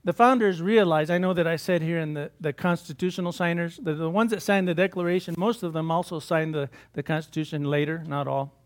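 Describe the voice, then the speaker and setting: A pastor giving a sermon in a conversational, off-the-cuff way, full of asides and repeated words. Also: male voice, fairly high pitch, steady tone, fairly quick, few pauses. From United States.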